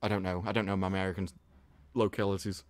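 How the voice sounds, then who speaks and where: A man's voice: low voice, fast talker, dry recording. A man chatting casually on a stream, rambling through stories. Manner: rambling, lively. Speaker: co-host. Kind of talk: casual chat.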